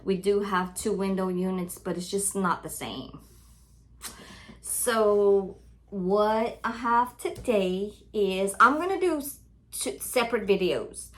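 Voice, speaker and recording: A woman's voice: mid-range voice, slow pace. A middle-aged woman from Louisiana with a Cajun accent, chatting casually to her viewers during an unboxing at home. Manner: chatty, calls viewers y'all, easily distracted. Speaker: crafting channel host.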